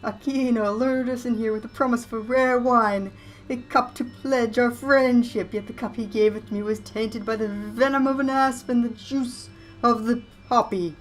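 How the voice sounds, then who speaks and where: A woman voicing a mournful, grandiose male knight ghost who speaks in archaic, theatrical drawn-out phrases. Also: fairly high pitch, fairly even intonation, voice pushed up, lightly acted. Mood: aggrieved.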